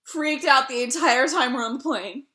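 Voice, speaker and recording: A young woman streamer telling stories in casual chat, animated and laughing, swearing freely. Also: high-pitched, moderate pace.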